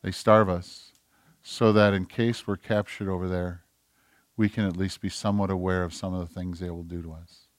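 Man, pastor, sermon, hushed asides turning emphatic, dry close sound. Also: low-pitched, flat delivery, moderate pace, dry recording.

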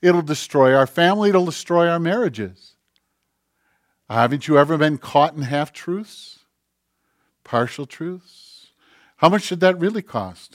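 A man preaching a sermon, moving between soft, conversational asides and forceful, rising preaching. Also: a little high, animated, measured pace, pauses often, no room sound, studio quality. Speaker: pastor.

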